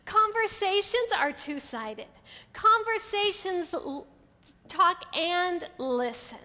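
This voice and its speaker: A woman giving a sermon to a room of women, lively and playful, acting out everyday inner voices. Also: very high voice, slow pace, long reverb tail. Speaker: women's ministry speaker. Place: hall with an audience.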